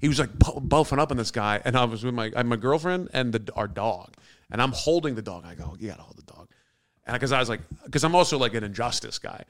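A man's voice: mid-range voice, animated, fast talker. Profane storytelling man, comedian guest. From not from New York. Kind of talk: casual storytelling.

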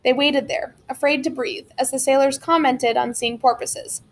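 High-voiced woman reading a novel aloud. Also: moderate pace. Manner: steady storytelling with occasional slips and restarts. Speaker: audiobook narrator.

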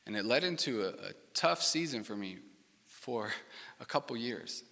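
A man's voice: medium pitch, expressive, normal speed, gravelly, sharp tone, big-room sound. A young adult man preaching a sermon as pastor, in a personal, conversational way with heartfelt asides, from a church stage.

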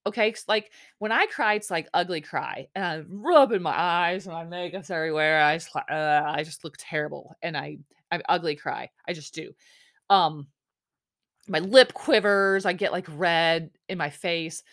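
A woman's voice: on the low side, moderate pace, fairly bright tone. A woman hosting a podcast, recapping in a rambling, chatty way with lots of restarts and some swearing. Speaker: podcast host. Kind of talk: casual chat recap.

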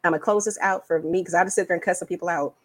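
A woman guest co-host in a casual podcast chat, speaking warmly and from the heart. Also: on the low side, steady tone, racing.

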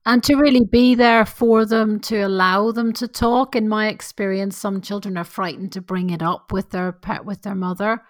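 A woman joining a casual discussion, adding measured comments about children. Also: mid-range voice, steady tone. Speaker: conversation partner.

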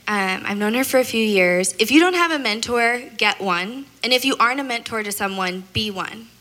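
A woman's voice: fairly high pitch, animated, normal speed, rough recording. A woman giving a casual devotional talk about her faith, chatty and rambling, with lots of "like" and "you know". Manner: processes out loud, talks a lot. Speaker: speaker sharing a faith testimony.

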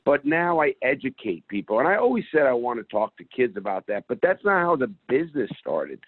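A man's voice: medium pitch, very animated, brisk, no echo. A middle-aged man guest telling a story in an interview in a blunt, streetwise way. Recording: phone-like call audio.

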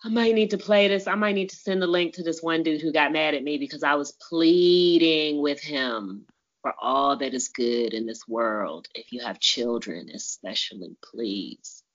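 Very low-voiced emphatic woman host. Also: fairly even intonation, moderate pace, highs cut off. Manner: emphatic and exasperated, laughs often. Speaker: podcast host. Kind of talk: casual chat.

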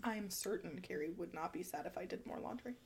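Woman, podcast co-host, lower pitch, casual chat, affirming, playful asides. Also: expressive, a little fast, darkish tone.

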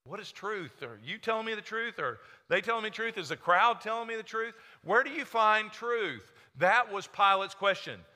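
A man's voice: sits high, animated, fairly quick, few pauses, bright, forceful tone. A man preaching a sermon as pastor, acting out the people he quotes. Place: church sanctuary. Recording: reverberant church hall.

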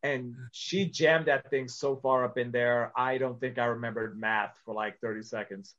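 A man's voice: medium pitch, steady tone, moderate pace, a bit bright, lo-fi sound. A man in casual chat, telling a wry story and quoting what others said.

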